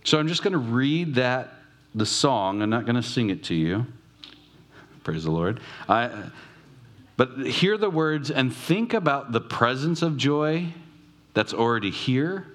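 A man preaching a sermon, reflective, asking questions aloud and slowing down to stress key words. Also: mid-range voice, sing-song, a bit bright. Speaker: pastor.

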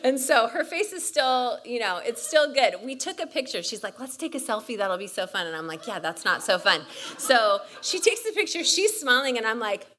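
A young woman from California giving a chatty, storytelling sermon at a women's retreat, full of "like" and quick asides. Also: fairly high pitch. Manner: chatty, animated, lots of "like". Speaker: retreat speaker.

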